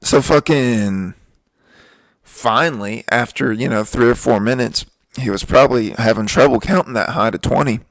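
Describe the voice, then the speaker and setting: A man's voice: mid-range voice, moderate pace, dry recording. A young man hosting a podcast, telling stories in a laid-back, profane, ranting way. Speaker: podcast host. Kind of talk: casual storytelling monologue.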